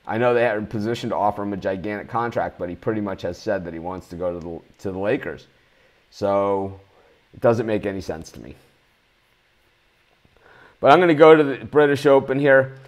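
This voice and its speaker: A man's voice: on the low side, brisk, pauses often. A man hosting a live sports betting show, talking bluntly in a ranting, swearing manner.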